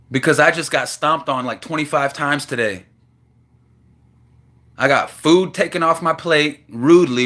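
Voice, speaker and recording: A man's voice: a little high, pushed and bright. A man venting in an impassioned, profane monologue to the camera. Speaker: vlogger.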